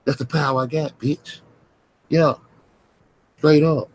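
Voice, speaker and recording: A man's voice: fairly high pitch, fairly even intonation, slow pace, a little mellow, breathy edge, rough recording. A man, ranting profanely and confrontationally at his livestream chat. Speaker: livestream host.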